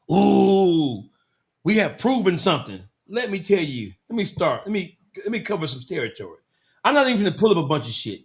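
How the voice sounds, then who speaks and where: Man, podcast host, heated rant, mocking, profane, high lively voice. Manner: animated, mocking, profane, excitable.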